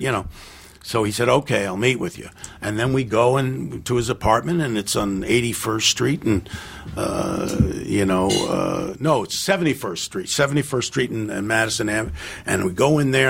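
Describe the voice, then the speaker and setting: An older man, a film director guest on a podcast, telling animated anecdotes, acting out other people's lines and restarting his sentences with lots of fillers. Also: mid-range voice, creaky, husky. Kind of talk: casual storytelling interview.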